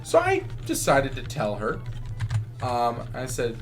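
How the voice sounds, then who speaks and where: A young man casually telling a sarcastic, animated story while gaming. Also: mid-range voice, takes it slowly, noisy background. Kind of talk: casual storytelling over gameplay.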